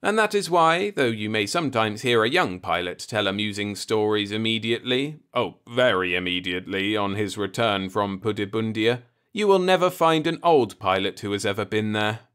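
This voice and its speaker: A man narrating a science fiction short story as an audiobook reader, in an even, unhurried storytelling manner. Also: on the low side, smooth.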